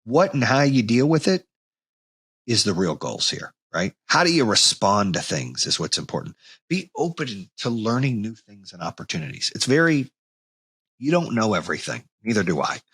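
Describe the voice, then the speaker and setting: A man's voice: lowish voice, normal speed, slightly rough, dry recording. A man in his forties hosting a podcast, giving a blunt motivational monologue with casual swearing. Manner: blunt, swears casually, animated when reenacting anger. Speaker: podcast host.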